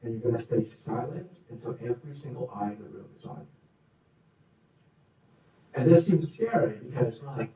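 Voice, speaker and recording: A man's voice: mid-range voice, expressive, normal speed, pauses often, mellow, recorded from a distance. A man giving a live workshop talk, answering audience questions with coaching tips and acted demonstrations of how people sound. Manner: coaching, demonstrates voices and moods. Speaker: workshop speaker. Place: meeting room. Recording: echoey room, speaker off mic.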